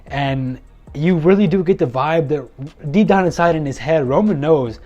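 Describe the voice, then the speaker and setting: A man's voice: on the high side, normal speed, a little mellow, dull audio. A man giving a loose, rambling solo recap of a wrestling episode from his notes, with many fillers and self-corrections. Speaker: wrestling show reviewer.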